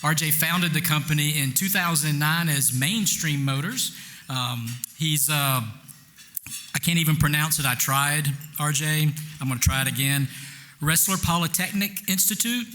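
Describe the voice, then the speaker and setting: A man's voice: a little high, fairly even intonation, moderate pace, pushed and bright, slight background noise. A man with a Southern US accent, hosting the event and introducing a guest in a friendly, self-deprecating way. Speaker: event host and interviewer. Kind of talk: casual folksy introduction.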